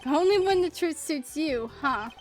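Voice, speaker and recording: A woman reading a smug, scheming male villain from a game, taunting and gloating in her own high voice. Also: lively intonation, moderate pace, soft background music. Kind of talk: reading game dialogue aloud.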